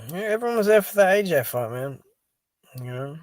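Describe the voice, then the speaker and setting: A tired, sleepy man chatting casually on a live stream, reacting out loud and reading viewer comments. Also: high voice, animated, fairly quick, dry recording. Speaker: boxing stream host.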